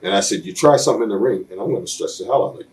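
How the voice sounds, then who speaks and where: In a sit-down shoot interview, a man talks rapid-fire in an expressive voice that is on the low side and a little mellow. As the guest, he spins blunt, streetwise stories, acting out others' lines in their own voices.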